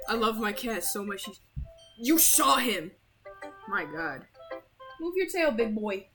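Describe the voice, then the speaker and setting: A woman's voice: medium pitch, lively intonation, takes it slowly, pauses often, pushed and bright, faint music behind, rough recording. A young woman streaming a game, chatting in a playful, giggly, rambling way. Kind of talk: casual live-stream chat while playing a game.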